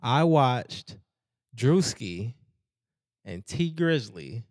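A man's voice: mid-range voice, very slow, dry recording, studio quality. A man in casual podcast chat, telling a story with lots of acted-out quotes and laughter. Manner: animated storytelling, acts out quotes, laughs often.

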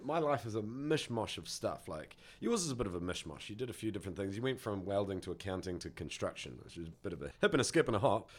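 A man's voice: fairly low pitch, very animated, fast talker, few pauses. A man with a New Zealand accent co-hosting a casual podcast, joking around and laughing often. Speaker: podcast co-host. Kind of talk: casual chat. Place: Auckland.

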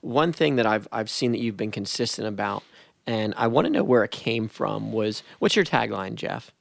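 Gravelly podcast host in a dry room. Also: male voice, lowish voice, no echo. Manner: relaxed, halting questions with many restarts. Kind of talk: casual podcast interview.

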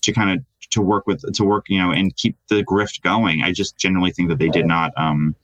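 Low-voiced man, indignant reporter guest. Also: flat delivery, a little fast, fairly bright tone, no room sound, muffled recording. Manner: hesitant, full of restarts, indignant. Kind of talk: casual interview chat.

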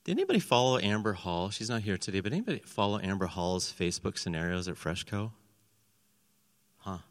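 A man's voice: fairly low pitch, very animated, a little fast. A man preaching a sermon in a church hall, telling the story animatedly and acting out the voices in it. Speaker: pastor. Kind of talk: sermon with scripture reading. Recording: long reverb of a large hall.

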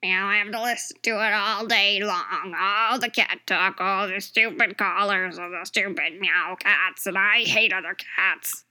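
A woman as a cranky cat caller, unhurried grumbling, bright voice; comedy call-in. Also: medium pitch. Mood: grumpy. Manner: grumbling, complaining, deadpan. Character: grumpy cat caller who hates other cats.

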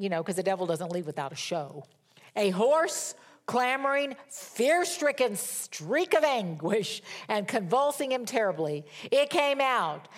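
Woman preaching a dramatic sermon. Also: mid-range voice. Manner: dramatic, rising to loud emphatic peaks, dropping to whispers. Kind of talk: sermon with scripture reading.

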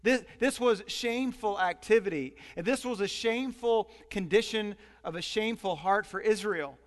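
A male pastor preaching in an animated, storytelling manner. His voice is high for a man and carries a long hall reverb around it. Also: normal speed. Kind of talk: sermon.

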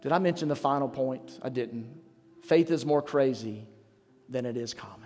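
A man's voice: medium pitch, normal speed, darkish tone. A man preaching a sermon as pastor, telling stories in a conversational way. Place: church sanctuary. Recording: long hall reverb with faint music.

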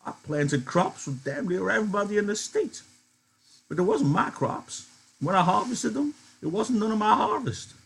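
A man reading aloud as a worn old farmhand who dreams of owning land, his voice lifted high and earnest. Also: sing-song, moderate pace, creaky, breathy edge, heavily acted. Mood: yearning. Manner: raised pitch, earnest, insistent.

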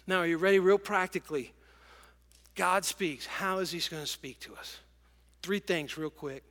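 A middle-aged man preaching a sermon to a congregation, telling stories in an animated, emotional way. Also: on the high side, normal speed. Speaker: pastor. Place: large church auditorium with congregation. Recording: long church hall reverb.

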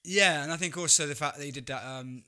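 A podcast co-host with a bright, forward voice. He chats about music playfully, getting animated and jokey as he talks. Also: a little high, fast, clean tone. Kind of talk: casual music chat.

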